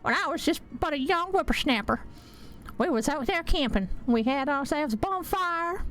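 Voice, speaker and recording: A woman putting on an ancient old-timer spinning a yarn, with a folksy put-on drawl. The voice sits up high and strained, well above a natural speaking voice, and the telling crawls along unhurried. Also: animated, fairly bright tone. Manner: slow, drawn-out storytelling.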